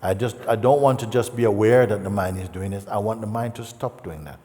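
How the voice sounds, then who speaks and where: Low-voiced man teaching in an echoing hall. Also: a little fast. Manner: gentle, conversational, acts out quoted people. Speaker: spiritual teacher. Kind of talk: satsang talk. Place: large hall. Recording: reverberant hall.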